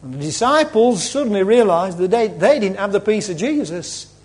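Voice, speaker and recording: A male preacher retelling a story in a sermon, dramatic, swinging between loud and hushed. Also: high voice, very animated, normal speed.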